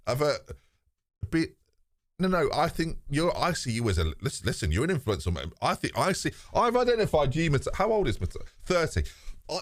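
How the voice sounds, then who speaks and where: A man streaming a game live, chatting to his viewers in a lively, sweary way. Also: medium pitch, dry recording, clean studio sound. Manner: animated, talks to chat, swears casually. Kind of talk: live gameplay commentary.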